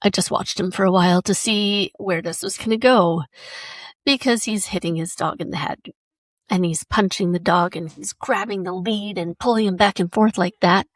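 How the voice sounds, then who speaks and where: A woman's voice: medium pitch, moderate pace, no room sound. A woman hosting a solo podcast, telling a personal story in a chatty, emotional way. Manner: chatty and emotional, acts out quoted voices. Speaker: podcast host.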